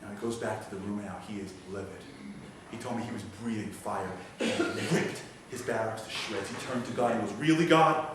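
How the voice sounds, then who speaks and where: A man telling a story as a guest speaker in a synagogue hall, animated and acting out the voices. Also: on the low side, brisk. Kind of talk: storytelling lecture. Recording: echoey hall from far off, noisy.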